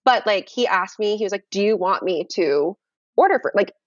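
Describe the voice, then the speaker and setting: A young woman telling a dating story in casual conversation on a video call, animated and full of fillers. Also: medium pitch, normal speed, dry recording, lo-fi sound. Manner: animated, many fillers and restarts. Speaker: guest.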